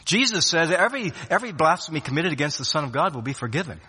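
A man preaching a sermon, swinging between loud rising questions and hushed low drops, often repeating words as he restarts a phrase. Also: sing-song, quick pace, breathy edge. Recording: long hall reverb.

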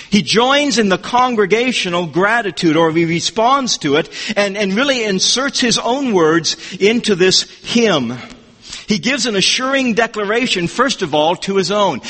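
A man preaching an expository sermon, reading scripture in a measured, emphatic way. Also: high voice, bright, forceful tone. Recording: long hall reverb.

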